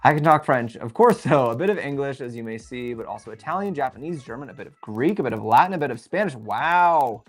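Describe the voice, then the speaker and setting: A young man hosting a casual livestream. He thinks aloud while building and reads viewer messages aloud in a relaxed, chatty way. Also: mid-range voice, fast, hardly any pauses. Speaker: livestream host building a LEGO set.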